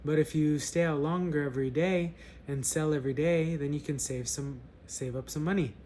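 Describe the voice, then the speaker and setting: A man's voice: fairly high pitch, steady tone, moderate pace, mellow, a little hiss or hum, natural voice. A man voicing a persuasive economist while reading a story aloud. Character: pushy adult male economist.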